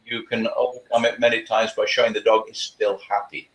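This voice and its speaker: Low-voiced man telling stories. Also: flat delivery, fairly quick, a bit bright. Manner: chatty anecdotal, playful sarcasm. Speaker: dog trainer, guest. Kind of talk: storytelling interview answers. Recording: roomy echo.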